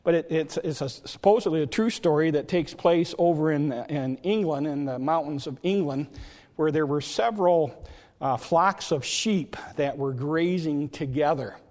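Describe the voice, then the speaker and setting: A man's voice: on the high side, moderate pace, a little mellow. A man preaching a sermon as pastor, in a folksy, conversational way with frequent hesitations. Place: church sanctuary. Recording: long hall reverb.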